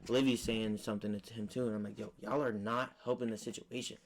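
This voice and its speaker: A man's voice: lowish voice, level tone, fast, a little hiss or hum. A young man co-hosting a podcast, telling family stories in slangy, profane, candid casual chat. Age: young adult. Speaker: podcast co-host.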